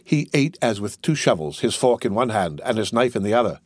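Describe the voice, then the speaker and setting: A man reading a novel aloud as narrator, with expressive, lively storytelling. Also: on the low side, fairly quick, dry recording. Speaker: audiobook narrator.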